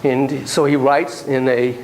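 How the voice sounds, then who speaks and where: A middle-aged man lecturing on psychotherapy to a class, telling stories in an animated, digressive way full of asides. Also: medium pitch, slow pace, a little hiss or hum, poor audio. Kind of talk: lecture with storytelling.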